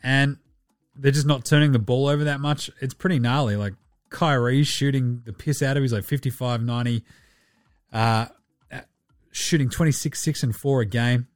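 A man with an Australian accent, co-hosting a podcast in relaxed, rambling sports chat with casual swearing. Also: mid-range voice, normal speed, no room sound, clean studio sound. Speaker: podcast co-host.

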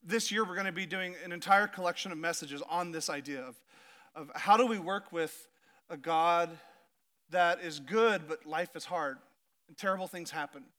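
Male pastor, high voice, bright tone, animated storytelling sermon, emphatic slow points. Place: church stage.

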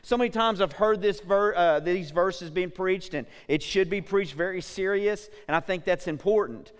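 A man preaching a sermon as pastor, talking quickly and energetically, calling for amens from the congregation. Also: high voice, clear, resonant tone. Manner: fast, energetic preaching with call-and-response. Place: church sanctuary. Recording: church hall reverb.

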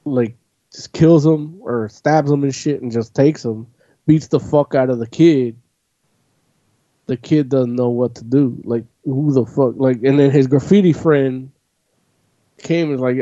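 A man with a dark, mellow tone rambles through a casual chat, swearing and packing his talk with "like". The sound is dry and close, on a dull, lo-fi recording. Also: mid-range voice, steady tone, measured pace, no room sound. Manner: rambling, profane, full of "like". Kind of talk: casual chat, recapping a comic. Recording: dull lo-fi audio.

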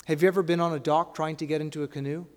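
A man's voice: fairly high pitch, little pitch movement, racing, clean tone. Emphatic male preacher in a reverberant hall. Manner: emphatic, rhetorical questions, swings between loud and hushed. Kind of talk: sermon.

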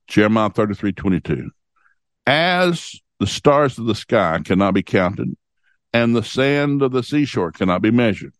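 A man's voice: medium pitch, no room sound. A man hosting a short devotional, reading scripture aloud and explaining it in a folksy, repetitive way. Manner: folksy, repeats points and reads scripture aloud. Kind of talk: casual Bible teaching.

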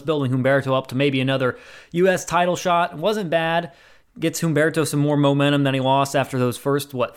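A man's voice: medium pitch, clean tone. A man hosting his own wrestling review show, recapping matches in a rambling, casual way with many fillers and restarts.

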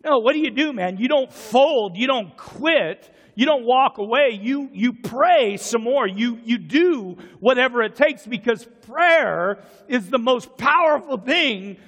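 A man with a very high voice preaches a fervent sermon. His words ring out through a church sanctuary with a long echo, and he often climbs to a shout. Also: lively intonation, measured pace, hardly any pauses. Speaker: pastor.

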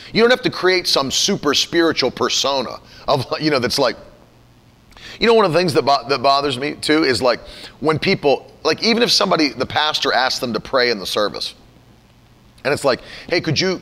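A man with a fairly high voice talks like a casual preacher. He is animated, breaks into laughter, and slips into quick imitations of other people to make his point. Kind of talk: casual teaching talk.

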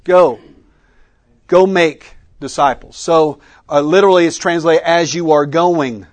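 In a conference room before a live audience, a man with a voice on the high side teaches a workshop session. He keeps it interactive, quizzing the audience and pausing for answers, and uses a Southern "y'all" as he speaks.

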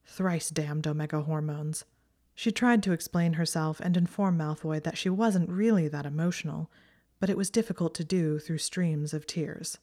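A woman narrating a story aloud in a steady, even manner. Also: sits low, moderate pace. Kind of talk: audiobook narration of fan fiction.

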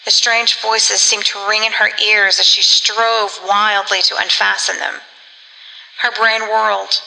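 A woman narrating a gothic story in a measured, dramatic reading. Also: medium pitch, creaky, pushed and bright, big-room sound, rough recording. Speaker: audiobook narrator.

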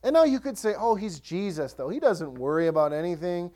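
A man's voice: sits high, brisk. A male pastor preaching a sermon, telling stories and acting out the voices of the people in them. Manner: animated storytelling, acts out voices.

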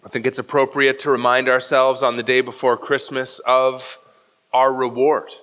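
A man's voice: mid-range voice, little pitch movement, moderate pace, a bit bright, big-room sound. A man preaching a sermon as pastor, walking through a scripture passage verse by verse and explaining the original Greek.

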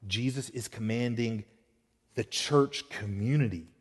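A man preaching a sermon as pastor, moving between quiet explanation and emphatic, rising declarations. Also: medium pitch, unhurried, husky. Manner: animated preaching, swings between soft and emphatic. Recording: reverberant hall.

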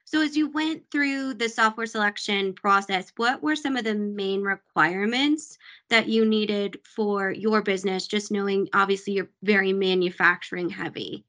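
A woman interviewer asking questions in a casual business interview, with quick upbeat affirmations. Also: medium pitch, fairly even intonation, pushed and bright.

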